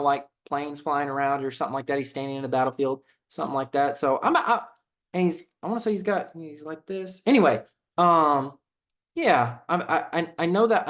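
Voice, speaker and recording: A man's voice: a little high, fairly bright tone. A young man with a Southern twang, chatting loosely as a video host, full of fillers and restarts while he reacts to comments. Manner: rambling, laid-back, many fillers and restarts. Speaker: channel host.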